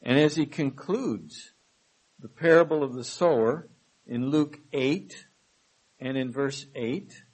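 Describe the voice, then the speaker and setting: A man preaching a sermon. He reads scripture verses aloud with emphasis and then explains them in a measured way. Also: mid-range voice, darkish tone, husky, rough recording. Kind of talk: sermon, Bible study reading.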